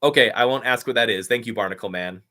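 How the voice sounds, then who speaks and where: Quick and sharp-toned at a medium pitch, he works through a live stream Q&A. He responds to chat with rambling enthusiasm, leaning heavily on fillers.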